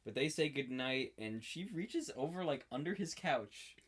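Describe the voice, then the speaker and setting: A woman's voice: extremely low pitch, expressive, normal speed, slightly rough. A woman co-hosting a casual podcast, recapping a TV episode with dry, wry commentary and laughs. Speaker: podcast co-host.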